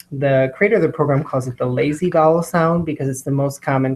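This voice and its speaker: A woman teacher explaining spelling lists, sounding out words slowly and carefully. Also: rumbling low, a little mellow. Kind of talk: instructional explanation.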